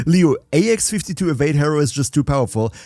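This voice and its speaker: A man with a slightly high, gravelly voice chats casually with viewers during a game livestream. He reads out and answers chat messages in an upbeat way. The sound is dry and close, with no room echo. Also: very animated, quick pace, a little mellow. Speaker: game streamer.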